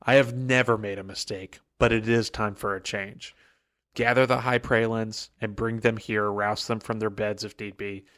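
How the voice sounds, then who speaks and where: A man's voice: on the low side, little pitch movement, normal speed, a bit bright, lightly acted. A man voicing an immortal tyrant emperor, cold and commanding, in a casual podcast retelling. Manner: casual paraphrase, barely a put-on voice.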